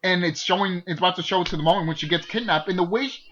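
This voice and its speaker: A man's voice: high-pitched, fast talker, fairly bright tone, lo-fi sound. A man making a gaming video, ranting in an exasperated, profane way and restarting his sentences often. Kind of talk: ranting game commentary.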